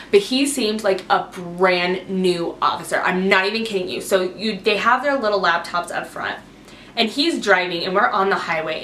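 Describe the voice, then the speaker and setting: A woman's voice: mid-range voice, fairly bright tone, a little hiss or hum. A woman in her twenties telling a personal story to her camera, rambling and full of "like" and "um". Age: 20s. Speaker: vlogger. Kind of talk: casual story time. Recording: echoey room.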